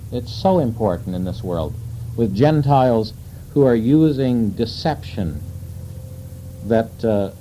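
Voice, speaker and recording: A man preaching a sermon in a conversational way, asking his listeners questions and slowing down to quote scripture. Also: lowish voice, dark tone, a little hiss or hum, poor audio. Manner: conversational, asks the audience questions.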